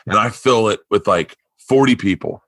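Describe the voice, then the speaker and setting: A man with a bright, forceful voice spins long anecdotes for his podcast, jumping into other people's voices as he goes. He sounds close and dry on the mic, with no room sound at all. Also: fairly low pitch, normal speed, no room sound. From Florida. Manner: rambling, animated storyteller who acts out quotes. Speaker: podcast host. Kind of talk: casual storytelling chat.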